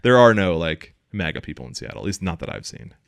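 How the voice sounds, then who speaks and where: A man with a light Louisiana accent talks quickly in a very low voice, a little drunk. He rambles, trails off and starts over in casual podcast chat. The sound is dry and close. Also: sing-song, gravelly, no room sound.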